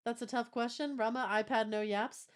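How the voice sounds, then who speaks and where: A young woman's voice sitting a little on the high side, bubbly and talkative. She is a livestreamer in easy, casual chat with her viewers, reading their messages aloud and tossing off giggly asides. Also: fairly even intonation, moderate pace, smooth. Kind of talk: casual chat with a live stream audience.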